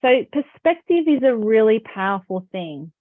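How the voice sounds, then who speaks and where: A woman's voice: a little high, big pitch swings, normal speed, dry recording. A woman coach giving an encouraging, emphatic motivational talk over a video call. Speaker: confidence coach. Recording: phone-like narrow sound.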